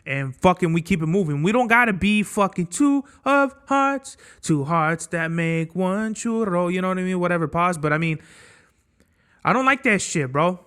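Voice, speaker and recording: A young man with a slightly high voice tells a travel story on his podcast in loose, casual speech. He talks bluntly, swears constantly and stays animated throughout. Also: moderate pace, clear, resonant tone. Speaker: podcast host.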